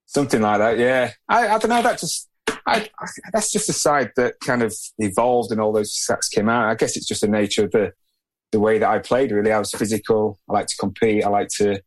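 A man who is a podcast guest, answering in a relaxed, plain-spoken way and often hedging with "I guess". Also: on the low side, a little fast. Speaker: podcast guest, former footballer. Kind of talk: casual interview answers.

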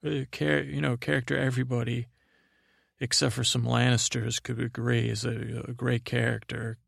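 In a studio-quality, dry recording, a podcast host rambles through an episode recap designed to send listeners off to sleep, wandering and filler-heavy. His mid-range voice is gravelly, with little pitch movement, and moves at a normal pace.

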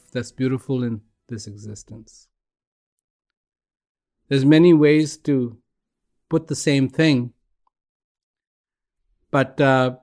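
A man giving a calm, reflective talk, gently telling a joke and repeating phrases as he goes. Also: medium pitch.

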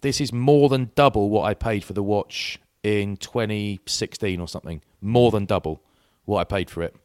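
A man's voice: fairly low pitch, moderate pace, darkish tone, smooth, no echo, studio quality. A middle-aged man in casual chat, telling anecdotes that ramble and restart. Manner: rambling anecdotes with self-interruptions. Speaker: podcast co-host.

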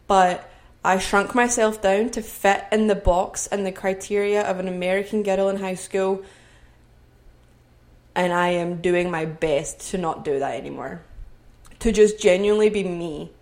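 A woman's voice: medium pitch, fairly even intonation, unhurried, a little mellow. A young woman with a Scottish accent talks straight to her listeners in a solo podcast. She speaks earnestly, building into motivational encouragement, recorded in her own home. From Scotland. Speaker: podcast host.

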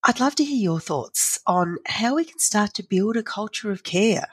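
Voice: mid-range voice, lively intonation, moderate pace, a bit bright, slightly rough, dry recording. A podcast host and researcher leading a conversational interview, engaged and inviting guests to share their thoughts.

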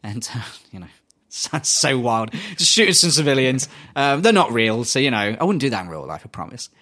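A man's voice: mid-range voice, big pitch swings, fairly quick, sharp tone. A man co-hosting a casual podcast, telling rambling stories with lots of laughter and swearing. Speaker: podcast co-host.

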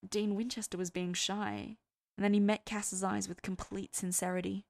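Woman, podcast host, audiobook narration, soft even delivery, gravelly voice, mid pitch. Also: moderate pace. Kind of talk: audiobook narration of fan fiction.

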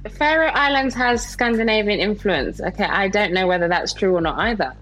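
A woman's voice: medium pitch, fairly quick, a bit bright, faint music behind, rough recording. A woman co-hosting a podcast, playing a quiz in casual chat with a playful, teasing manner. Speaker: podcast co-host, quiz contestant.

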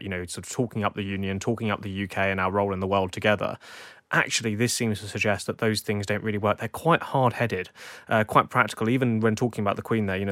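A male analyst talks through political findings at a rapid clip, leaning on small fillers as he goes. His voice sits low, and the recording is dry with no room sound. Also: fairly bright tone, no room sound. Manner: fast, articulate analysis with fillers. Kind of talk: studio news discussion.

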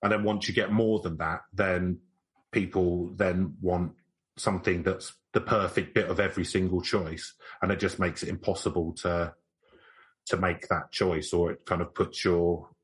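A man's voice: low-pitched, fairly even intonation, moderate pace. A young man co-hosting a podcast, chatting in a dry, joking, rambling way. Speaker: podcast co-host. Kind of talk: casual banter.

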